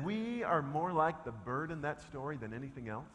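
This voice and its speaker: A male pastor telling a comic story in a sermon, shifting between loud shouts and hushed low talk. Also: sing-song, normal speed, hardly any pauses. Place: church sanctuary. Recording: long reverb of a church hall.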